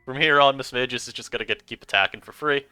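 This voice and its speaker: A man giving chatty, animated commentary over his own gameplay as a streamer, laughing often. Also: mid-range voice, fast, clear, resonant tone, dry recording, faint music behind. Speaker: online game streamer.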